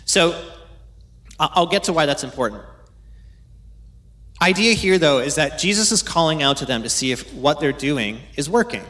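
A man's voice: on the high side, animated, normal speed, pauses often, sharp tone. A man preaching a casual, conversational sermon, teaching from the Bible and acting out quoted voices now and then.

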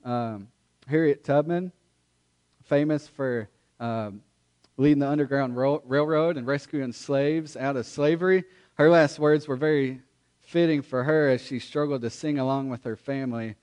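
Guy preaching in church, earnest, leans on words, middle pitch. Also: darkish tone. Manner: earnest, emphatic preaching with pauses and restarts. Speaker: pastor. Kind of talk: sermon with scripture reading.

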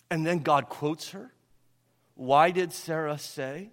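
A man preaching a sermon who asks his congregation rhetorical questions, swinging between loud emphasis and hushed, quiet passages. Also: high-pitched, expressive, unhurried. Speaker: pastor. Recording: long hall reverb.

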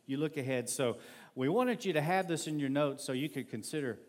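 A male pastor preaching a sermon in a conversational, animated way, acting out everyday scenes. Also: fairly high pitch, fairly quick.

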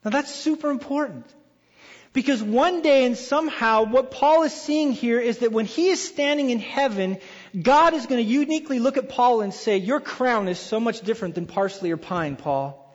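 A man preaching a sermon as pastor, telling stories in an animated way and acting out quoted voices. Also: extremely high pitch, normal speed. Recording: dull reverberant hall sound.

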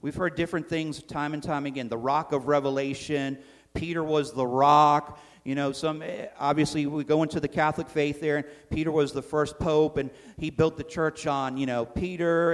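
Pastor, male, slightly high voice; conversational sermon delivery with animated quoted lines. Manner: conversational preaching, acts out quotes with shifting volume.

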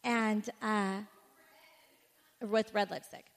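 A woman speaker giving an animated personal testimony to a conference audience, full of "like" fillers. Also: medium pitch, drawn-out words, a little hiss or hum. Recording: echoey hall reverb.

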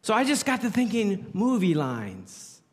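Lively pastor in a reverberant church. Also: male voice, high-pitched, a little slow. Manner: playful, jokes with the congregation. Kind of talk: sermon. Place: church hall. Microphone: handheld mic. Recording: hall reverb.

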